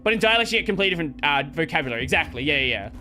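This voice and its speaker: A man's voice: a little high, big pitch swings, racing, pushed and bright. A man from Australia, rambling and swearing casually as he comments on his own gameplay. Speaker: gaming streamer.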